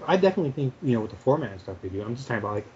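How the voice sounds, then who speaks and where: A quick-talking man chats loosely on a homemade podcast, piling up fillers and restarts. His voice comes through a dull, lo-fi home mic over an online call. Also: mid-range voice, sing-song, a little mellow. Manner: rambling, filler-heavy, laughs often. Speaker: podcast co-host. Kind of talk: casual chat. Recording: dull lo-fi sound, faint noise.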